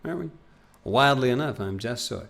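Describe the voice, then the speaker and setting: A man's voice: mid-range voice, lively intonation, brisk, vocal fry, a bit bright. A young man streaming a game live, chatting casually with his viewers and rambling, self-mocking, often trailing off into mumbles.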